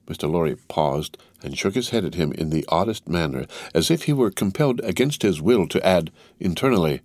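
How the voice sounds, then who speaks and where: A man reading a classic novel aloud as narration, with measured, expressive storytelling. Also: low voice, no room sound. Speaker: audiobook reader. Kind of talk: scripted narration.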